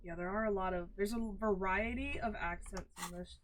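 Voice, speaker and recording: A woman's voice: medium pitch, fairly quick, a little hiss or hum. A woman from the southern United States streaming a game, chatting casually in a rambling way and laughing often.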